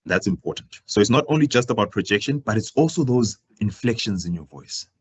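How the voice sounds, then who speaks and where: Husky man teaching public speaking. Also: lively intonation, brisk. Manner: projecting louder than usual, swinging his pitch and volume up and down to demonstrate. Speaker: career talk presenter. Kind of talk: live workshop presentation.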